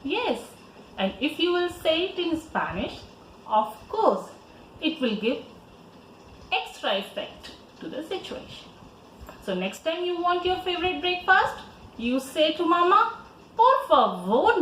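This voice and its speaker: A woman teacher with an Indian English accent, giving a slow, sing-song language lesson to young children. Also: high-pitched, roomy sound, a little hiss or hum, poor audio. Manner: slow, lively, sing-song teaching voice with repeat-after-me prompts.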